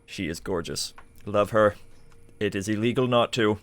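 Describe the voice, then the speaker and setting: A man's voice: fairly low pitch, brisk, fairly bright tone, dry recording. A man streaming a game live, thinking aloud in a chatty way with plenty of fillers. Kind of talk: casual live gameplay commentary.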